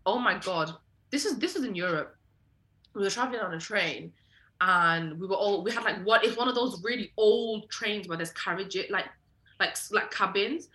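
A young woman, co-hosting a podcast and telling travel stories in a lively, casual way, full of "like" fillers. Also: medium pitch, normal speed. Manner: animated, lots of "like" fillers, jumps into quoted voices. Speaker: podcast co-host. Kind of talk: casual storytelling chat.

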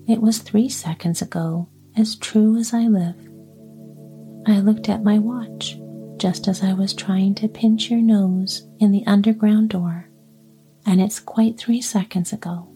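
A woman's voice: medium pitch, fairly even intonation, unhurried, mellow, soft background music, close to an everyday voice. Woman whispering a bawling little potato boy, whispered role-play. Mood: fussy. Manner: bawling, fussy. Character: squirmy, cheeky little male potato.

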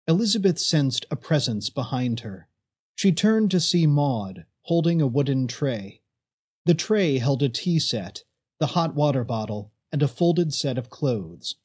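A man reads a story aloud at a slow, deliberate pace. His pitch moves widely and expressively, sitting a little high for a man. The voice has a husky edge. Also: animated, darkish tone. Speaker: narrator. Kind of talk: audiobook narration.

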